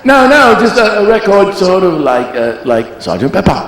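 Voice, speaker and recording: A man impersonating an excitable, rambling middle-aged rock star who stammers, repeats himself and shouts. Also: sits high, normal speed, distant mic, slight background noise, pitched above the performer's own voice, exaggerated voice. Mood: insistent. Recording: echoey hall.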